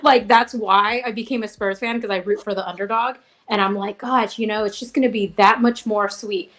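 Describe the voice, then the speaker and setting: A woman's voice: medium pitch, steady tone, a little fast, a bit bright. A woman chatting casually on a call-in show, rambling with frequent restarts and laughter. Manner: rambling, laughing, self-interrupting.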